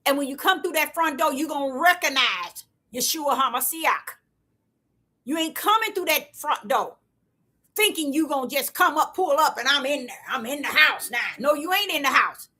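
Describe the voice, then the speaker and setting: A woman giving a casual, repetitive spiritual talk to her viewers in a preachy, excitable way. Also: high voice, normal speed. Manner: preachy, repetitive, excitable, African American Vernacular English. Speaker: online preacher.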